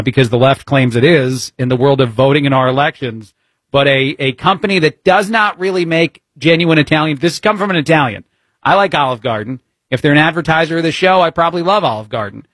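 A man's voice: on the high side, fairly bright tone, no room sound. A man with a New Jersey accent, hosting talk radio as a fill-in host. He speaks in an opinionated, wry, conversational way with frequent fillers.

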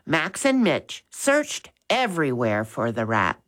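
A woman reads a children's storybook aloud in a gentle, expressive way. Her pitch rises and falls a great deal, and she takes her time. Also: takes it slowly. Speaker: narrator. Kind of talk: storybook reading.

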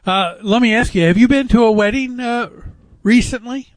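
A man's voice: extremely high pitch, normal speed, no room sound. A man hosting a radio talk show, reading sponsor spots and chatting with frequent fillers. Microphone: studio microphone.

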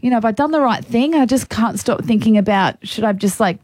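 A woman's voice: a little high, fast, darkish tone, no echo. A young Australian woman radio host telling a story in a chatty, rambling way, with lots of restarts. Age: young adult. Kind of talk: casual on-air storytelling. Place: radio studio. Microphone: studio mic.

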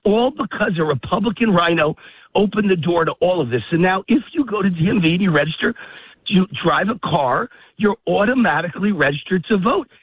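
Over a dry phone line, a breathless guest commentator rants fast and heatedly on a political talk radio show, his emphasis climbing. He's walking a dog outdoors in a park. His voice sits high, husky, with lively intonation.

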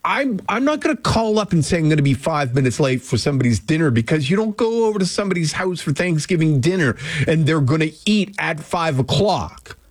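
A man's voice: on the high side, sing-song, fairly quick, hardly any pauses, no echo. A man from Canada hosting a casual radio show from a studio, talking in a rambling, jokey way. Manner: chatty, rambling, jokey asides. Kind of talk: casual morning radio chat. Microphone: close studio mic.

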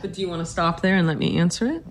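A narrator and host telling a personal family story, then questioning their mother, earnest and slowing down to stress points. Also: medium pitch, animated, a little hiss or hum. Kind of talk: reflective personal narration and interview.

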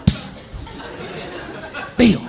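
A man voicing a blunt, mischievous house dog that confesses in a hushed voice, in a stand-up routine. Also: very slow, crowd noise, noisy background. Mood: sheepish. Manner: confiding, hushed.

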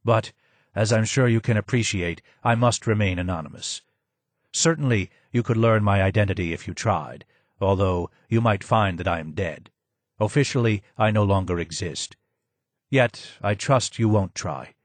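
Hoarse, low old man, read by a male narrator; slow, grave, wry; audiobook part. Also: no room sound, natural voice. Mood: bitter. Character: broken, disfigured older man, hidden former royal advisor.

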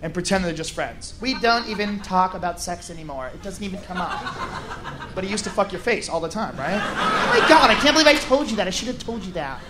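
A man stand-up comedian doing crude, loud banter with the audience. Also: sits high, sing-song, quick pace. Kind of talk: crowd work. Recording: live venue with crowd and noise.

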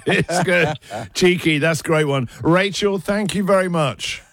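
A man's voice: on the high side, a bit bright. A man hosting breakfast radio, teasing and chatty. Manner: jokey, teasing, quick asides. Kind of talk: casual radio banter.

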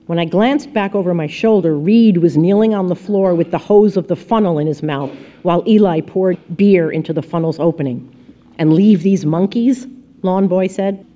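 Soft-spoken woman reading a novel aloud. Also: lowish voice, normal speed, lo-fi sound. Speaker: audiobook narrator. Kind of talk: scripted first-person narration.

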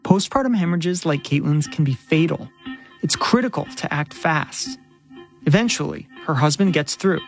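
Measured woman reporter narrating. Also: sits low, animated, soft background music. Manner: measured, clear storytelling. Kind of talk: scripted radio narration.

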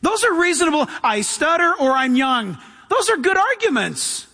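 A male pastor delivering a sermon in a strikingly high, bright voice. He is emphatic and punchy, and keeps urging his listeners to "listen." He acts out short voices as he goes. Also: very animated, moderate pace.

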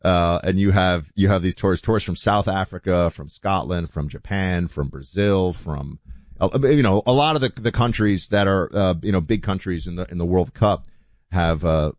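Male show host, chatty commentary, low pitch, dry studio sound. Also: moderate pace, no echo. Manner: animated, conversational, chatty asides. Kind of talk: opinion talk show commentary.

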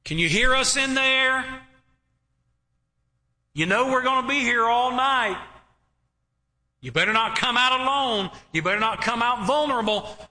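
A man's voice: very high voice, lively intonation, a little slow, pauses often, pushed and bright, voice pushed up, heavily acted. A man preaching voices taunting enemy men who mock from outside a city at night. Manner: mocking, menacing. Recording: long hall reverb.

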